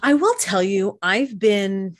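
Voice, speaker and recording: A woman's voice: mid-range voice, lively intonation, slow, no echo, clean studio sound. A woman co-hosting a podcast, chatting casually with lots of fillers and casual swearing, recorded over a video call. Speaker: podcast co-host. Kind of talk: casual chat.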